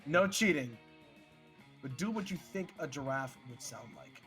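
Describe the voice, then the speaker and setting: A man's voice: on the high side, lively intonation, measured pace, fairly bright tone, faint music behind. A man streaming a game with friends, casually taking charge and calling turns. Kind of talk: casual gaming chat.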